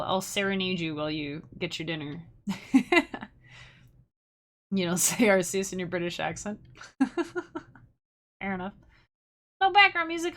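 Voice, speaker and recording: Bright-voiced chatty woman streamer. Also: mid-range voice. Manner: chatty, rambling, self-interrupting, laughs often. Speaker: streamer and musician. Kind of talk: casual livestream chat with viewers.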